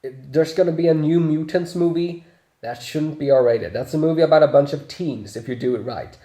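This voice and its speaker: Give me a man with a relaxed, mellow voice reviewing a film casually, chuckling as he goes, in a room with some echo. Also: on the high side, moderate pace. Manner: chatty, laughs often, swears freely. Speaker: movie reviewer.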